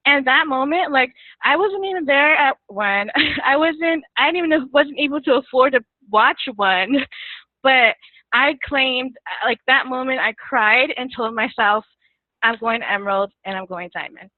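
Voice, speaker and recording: A woman's voice: high voice, a little slow, no echo. A woman guest telling her story in a casual interview, chatty, laughing often and getting emotional. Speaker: guest distributor. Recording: tinny phone line, dry.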